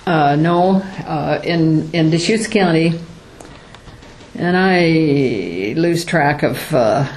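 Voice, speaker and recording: An older woman giving an oral history interview, speaking haltingly with many fillers and restarts. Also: deep voice, a little mellow, a little hiss or hum.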